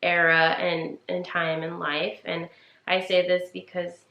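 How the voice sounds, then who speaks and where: Her voice sits on the low side, slow and monotone, and the audio is dull with room echo. She's a podcast co-host in her twenties giving earnest, heartfelt advice, leaning heavily on "like" and speaking right to "you guys" listening.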